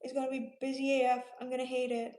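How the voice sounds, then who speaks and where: Chatty high-voiced Romanian-born woman streamer. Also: little pitch movement, fast talker, mellow, echoey room. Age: 20s. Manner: laid-back, chatty, reads comments aloud and answers them. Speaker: livestream host. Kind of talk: casual livestream chat reading viewer comments.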